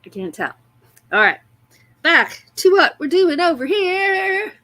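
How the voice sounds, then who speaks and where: A woman's voice: very high voice, big pitch swings, slow, sharp tone, dry recording. A woman hosting a casual livestream, chatty and often breaking into laughter. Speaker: livestream host.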